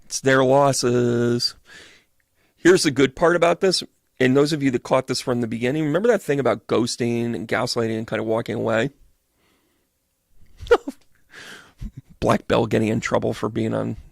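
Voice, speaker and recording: A man hosting a live-stream tarot reading, chatting with viewers in an animated, profane way and acting out quick voices. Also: mid-range voice, creaky, dry recording, clean studio sound. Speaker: medium doing tarot readings.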